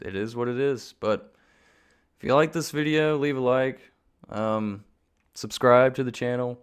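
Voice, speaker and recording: A man hosting his channel in a candid, confessional talk, earnest and self-deprecating, unhurried and reflective. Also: medium pitch, clean tone. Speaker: channel host.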